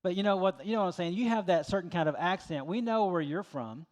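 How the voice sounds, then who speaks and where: Brief: middle-aged male pastor, easygoing conversational sermon, slightly high voice. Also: fast, a little mellow, lo-fi sound. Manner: conversational, folksy preaching with filler words.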